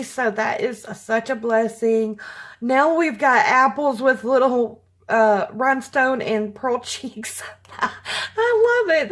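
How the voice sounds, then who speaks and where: A middle-aged woman chatting through a craft mail unboxing, gushing, her voice jumping up high when she gets excited. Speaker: craft vlogger. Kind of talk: casual unboxing chat.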